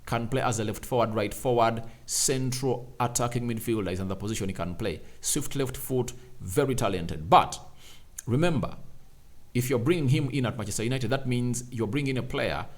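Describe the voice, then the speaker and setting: A man's voice: medium pitch, normal speed. A man hosting a fan channel, giving opinionated football commentary with emphatic rhetorical questions and repeated phrases.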